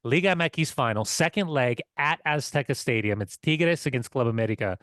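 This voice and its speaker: A man co-hosting a casual football podcast, telling excited, swearing stories with laughs. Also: medium pitch, brisk, no room sound, clean studio sound. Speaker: podcast co-host.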